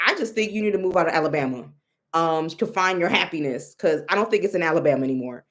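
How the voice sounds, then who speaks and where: A young woman telling a story in a casual, expressive way, exclaiming and mimicking others, with many restarts. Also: low voice, quick pace. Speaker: storyteller recounting a reading.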